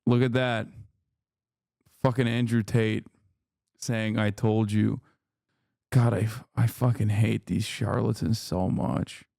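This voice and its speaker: A man hosting a livestream, reacting to clips with blunt, profane, rapid-fire ranting. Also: fairly low pitch, flat delivery, gravelly, dark tone, no echo, clean studio sound. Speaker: livestream host. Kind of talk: streamer commentary.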